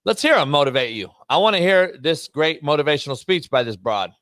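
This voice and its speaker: Brash, profane sports show host. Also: male voice, a little high, sing-song, brisk, a bit bright, slight background noise. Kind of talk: live sports talk show.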